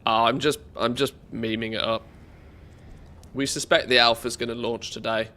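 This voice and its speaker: A man's voice: medium pitch, little pitch movement, moderate pace, sharp tone. A man with a head cold and a congested voice, chatting casually on a live game stream, rambling with many ums and restarts.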